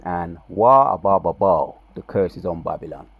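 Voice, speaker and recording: A man giving casual religious commentary, reading scripture aloud with loud, drawn-out emphasis between relaxed, slangy asides. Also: low voice, vocal fry, slightly rough, no echo, phone-quality sound. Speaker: religious video preacher.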